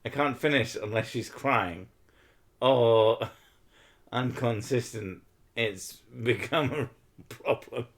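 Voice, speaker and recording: A man's voice: medium pitch, slow pace, pauses often, a bit bright. A young man streaming late at night, drunk, teasing his partner with crude jokes and laughing at himself.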